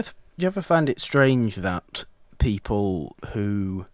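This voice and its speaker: A man's voice: lowish voice, very animated, slow, no room sound. A man co-hosting a podcast about films, chatting casually in a rambling, wry way with many self-corrections. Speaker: podcast co-host. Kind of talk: casual film chat.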